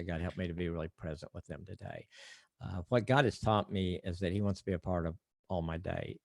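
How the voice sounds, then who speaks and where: An older man's deep, low voice carries a relaxed, earnest podcast conversation. He reflects aloud and restarts his sentences as he goes. The sound is dry and close, with no room behind it. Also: no room sound. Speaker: marriage counselor guest. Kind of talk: casual podcast interview.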